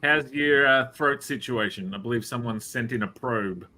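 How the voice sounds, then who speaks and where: A man's voice: medium pitch, normal speed, pushed and bright, poor audio. A man with an Australian accent hosting a casual online show, jokey and teasing with his guests. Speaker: host.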